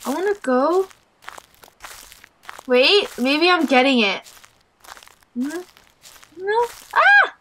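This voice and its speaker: Jumpy young woman with a high bright voice. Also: expressive, takes it slowly, long pauses, a little hiss or hum, rough recording. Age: young adult. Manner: jumpy, nervous, talks to herself and shrieks at scares. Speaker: let's play gamer. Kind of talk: horror game commentary.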